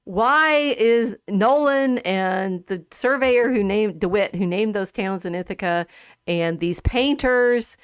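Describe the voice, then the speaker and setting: A woman co-hosting a livestream, chatting casually about poetry with a lively, laughing manner and frequent restarts. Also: mid-range voice, takes it slowly, clean tone, no echo, clean studio sound. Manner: animated and chatty, laughs often, trails off mid-sentence. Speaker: podcast co-host.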